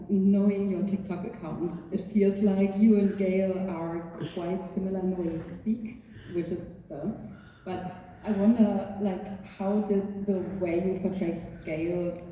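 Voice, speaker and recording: A woman's voice: mid-range voice, dark tone, lo-fi sound, a little hiss or hum. Eager woman asking from the audience. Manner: friendly, eager, with fillers. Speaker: audience member asking a question. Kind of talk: asking a question at a fan panel. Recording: echoey convention hall from far off.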